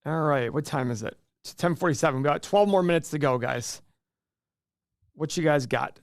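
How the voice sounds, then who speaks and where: A man's voice: on the high side, moderate pace, dry recording, studio quality. A man hosting a casual live stream and answering viewer questions in a chatty, rambling way with frequent restarts. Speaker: livestream host.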